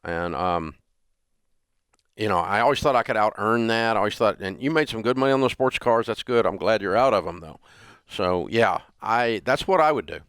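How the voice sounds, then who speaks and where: Folksy older man with a smooth, dry voice. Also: lowish voice, animated, moderate pace, a bit bright, no echo. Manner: folksy storytelling, frequent fillers and restarts. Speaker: radio show host. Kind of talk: call-in money advice talk.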